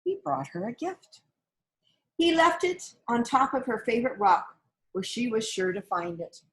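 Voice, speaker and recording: Woman reading a picture book aloud, gentle and expressive. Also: on the high side, measured pace. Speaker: storybook reader. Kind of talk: storybook read-aloud.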